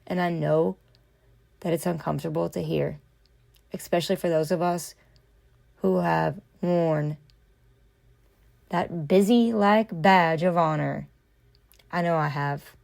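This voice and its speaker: Slow, gravelly-voiced woman podcaster. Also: lowish voice, darkish tone. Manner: earnest, heartfelt, addresses listeners as friends. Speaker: podcast host. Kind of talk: reflective solo podcast monologue.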